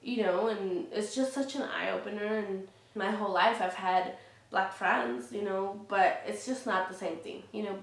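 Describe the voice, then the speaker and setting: An outspoken woman talks straight to her viewers in a loose, unscripted vlog, blunt and fired up, with the odd curse. Her voice sits at an ordinary middle pitch. It sounds roomy, as if she sits back from the mic. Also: far from the mic. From Latina heritage. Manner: frank and heated, swears freely, many fillers like "you know". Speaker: vlogger. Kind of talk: casual candid vlog talk.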